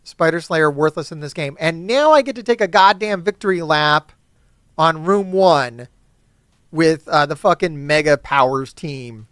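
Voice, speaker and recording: A man giving casual gameplay commentary to his chat, swearing often and ranting excitedly about characters. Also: fairly high pitch, measured pace, clean tone, dry recording. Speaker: gaming YouTuber.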